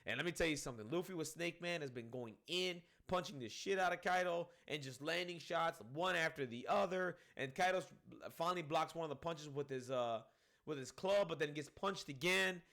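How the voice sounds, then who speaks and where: A man giving a casual spoken review of a comic chapter, rambling and animated, swearing freely and filling gaps with "um" and "you know what I mean". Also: a little high, fairly quick. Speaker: manga reviewer.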